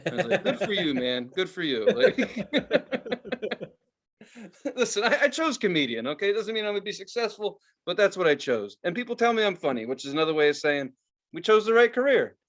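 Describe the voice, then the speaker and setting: Guy podcast host, kinda high voice, swears a ton, does the voices of people in his stories. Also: fairly quick. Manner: profane, animated storytelling with voiced quotes. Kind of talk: casual chat.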